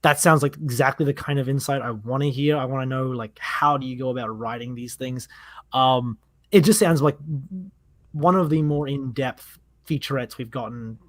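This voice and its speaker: A man's voice: mid-range voice, fairly even intonation, moderate pace, no room sound, clean studio sound. A man talking casually as a podcast guest, rambling with plenty of fillers and enthusiasm.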